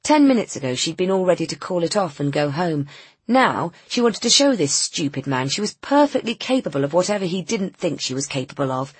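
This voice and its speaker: Low husky woman reading a novel. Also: normal speed, dry recording. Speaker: narrator. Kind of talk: audiobook narration.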